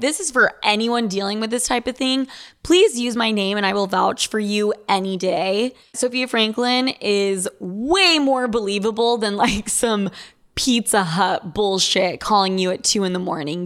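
A woman's voice: mid-range voice, a bit bright. A young woman hosts an advice podcast, reading out listener letters and answering them. She talks in a blunt, profane Valley girl way, upbeat and casual.

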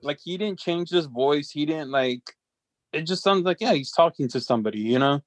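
A man's voice: fairly high pitch, lively intonation, normal speed, no echo. A man co-hosting a podcast, talking in hesitant casual chat that is full of fillers. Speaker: podcast co-host.

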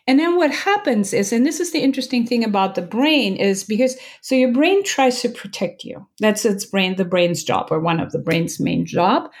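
A woman meditation teacher explaining as an interview guest, gentle and earnest, talking loosely with many "like" fillers and restarts. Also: medium pitch, expressive. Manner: gentle, earnest, acts out inner thoughts in quick asides.

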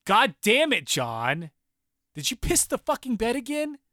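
A man quoting an exasperated woman scolding her drunk partner, swearing in a shrill voice. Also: very animated, measured pace, pushed and bright, no echo, clean studio sound, exaggerated voice.

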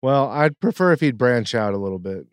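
A man co-hosting a podcast in casual chat, making wry, deadpan jokes. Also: mid-range voice, brisk, clear, resonant tone, dry recording, clean studio sound. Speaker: podcast co-host.

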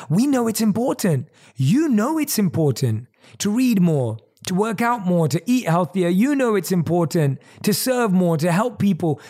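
Earnest motivational man, mellow voice. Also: on the high side. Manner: earnest, coaching, repeats key points. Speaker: podcast host. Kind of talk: motivational monologue. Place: home recording desk. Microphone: desk microphone.

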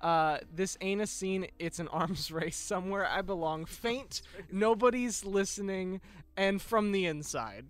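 A man chatting casually at a tabletop game table with quick, joking asides. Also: sits high, a bit bright, faint music behind.

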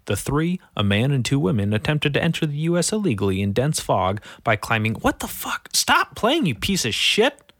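Foul-mouthed sick man with lively pitch. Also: dry recording, studio quality. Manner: foul-mouthed, swings from mumbling to shouting. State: sick, voice going rough. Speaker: streamer reading news headlines. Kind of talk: casual profane commentary.

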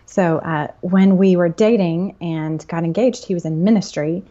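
A woman's voice: lowish voice, normal speed, highs cut off. A woman in her thirties from the southern United States, a podcast guest telling family stories and laughing easily. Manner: warm-hearted storyteller, laughs easily. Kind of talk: casual podcast interview.

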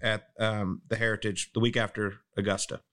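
A man's voice: lowish voice, fairly quick. A young man, a pro golfer and podcast co-host, telling stories in casual chat and acting out other people's voices. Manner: animated storyteller, acts out voices of others.

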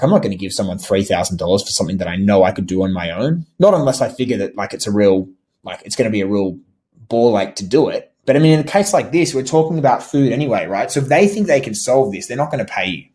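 A sales trainer with a medium-pitched voice talks over slides about sales calls, keeping it relaxed and conversational. He says "like" a lot, restarts phrases, and acts out how to phrase questions, demonstrating the inflection.

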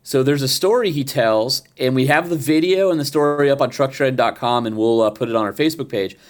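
Guy cohosting a podcast, easygoing storyteller, average pitch. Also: a little fast. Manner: chatty storyteller, acts out quoted voices. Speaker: podcast co-host. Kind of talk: casual chat.

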